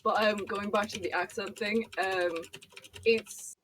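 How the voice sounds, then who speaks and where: A woman from Ireland with a softened Irish accent, chatting casually and rambling with lots of fillers. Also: medium pitch, steady tone, a little slow, background noise. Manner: rambling, filler-heavy, self-deprecating. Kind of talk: casual chat.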